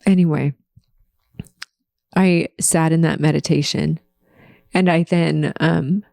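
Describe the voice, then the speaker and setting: A woman's voice: deep voice, fairly even intonation, slow pace, vocal fry, dark tone, dry recording, studio quality. A woman hosting her own podcast, telling a personal story in a heartfelt, faith-focused way. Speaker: podcast host.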